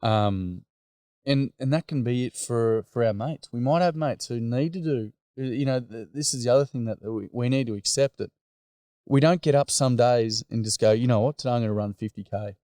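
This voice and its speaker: A man's voice: mid-range voice, normal speed, mellow, no echo, clean studio sound. An Australian man, a workshop facilitator, telling stories in candid, blokey casual chat.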